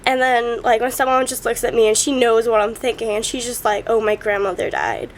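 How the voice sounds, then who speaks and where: A woman's voice: on the high side, level tone, fairly quick. A young woman tearfully recounting family hurt in a personal vlog, breaking into sobs and leaning on "like" often. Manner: many fillers like "like". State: crying. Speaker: vlogger.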